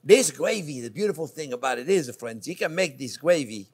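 Animated older chef with a French accent. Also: male voice, fairly high pitch, brisk, breathy edge. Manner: animated, chatty, addresses viewers as friends. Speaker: chef host. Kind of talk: cooking demonstration.

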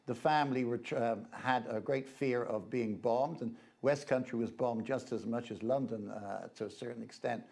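A man's voice: mid-range voice, normal speed, vocal fry, few pauses, a little mellow. A man, a reverend and guest presenter, giving an informal slide-show lecture in a chatty, hesitant way with frequent fillers.

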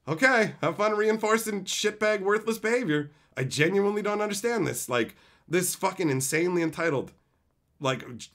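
A man's voice: fairly high pitch, a bit bright. A man streaming live, ranting in an exasperated, profane way about entitled viewers. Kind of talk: livestream rant.

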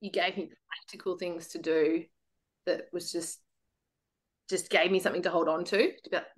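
A woman speaks in a casual interview, her voice sitting slightly low. She tells her story with animation, laughing often and acting out what she used to think. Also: steady tone, moderate pace. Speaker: interview guest.

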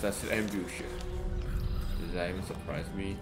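A man giving casual gaming commentary, excitable, swinging from low mumbling to frustrated yelling. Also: moderate pace. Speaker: gameplay commentator. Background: game music.

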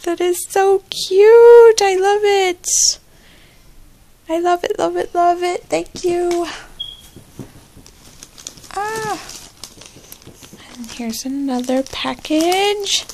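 A high-voiced woman vlogger talks through an unboxing in an unhurried, gushing way. Her voice has a gravelly fry at the ends of phrases, and she breaks into excited squeals. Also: a little hiss or hum. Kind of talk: casual unboxing chat.

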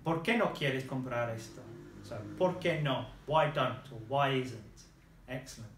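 A man's voice: medium pitch, unhurried, fairly bright tone, reverberant, a little hiss or hum. A man teaching a lesson, patiently modelling phrases and praising his student's answers. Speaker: language teacher.

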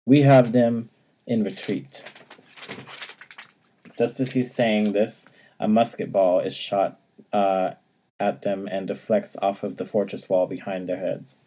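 A man's voice: sits low, level tone, measured pace, dark tone. A man casually recapping a video game story, now and then acting out lines and laughing. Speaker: podcast co-host.

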